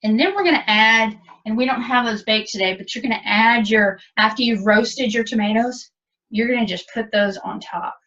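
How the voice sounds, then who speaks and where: A woman's voice: fairly high pitch, normal speed, fairly bright tone. Chatty woman demonstrating cooking, distant. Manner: chatty, step-by-step explaining. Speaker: cooking instructor. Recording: dull lo-fi audio from a distance.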